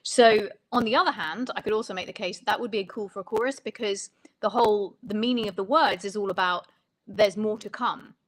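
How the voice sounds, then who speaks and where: A woman's voice: medium pitch, poor audio. Woman songwriting coach, talking through ideas step by step, reflective and explanatory. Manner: thoughtful, explanatory, pauses to rephrase.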